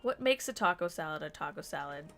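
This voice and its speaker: A woman's voice: low-pitched, lively intonation, fast, fairly bright tone, faint music behind. A woman game streamer chatting casually, chatty and self-mocking as she plays.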